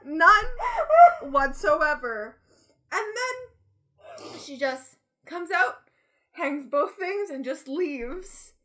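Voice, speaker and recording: A young woman co-hosting a podcast, telling a story in an animated way and laughing often in casual chat. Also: high voice, slow. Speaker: podcast co-host.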